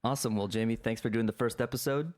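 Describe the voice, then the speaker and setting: A man's voice: mid-range voice, quick pace, darkish tone. A man hosting a podcast in casual chat, joking and rambling with many fillers and restarts. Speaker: podcast host.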